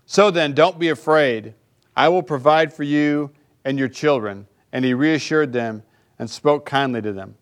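A man's voice: on the high side, measured pace. A male pastor preaching a sermon in a conversational way, often checking in with the listeners by asking "right?".

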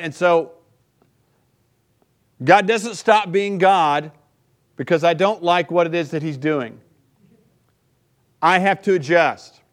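A male pastor preaching a sermon in a conversational way, often checking in with the listeners by asking "right?". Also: high-pitched.

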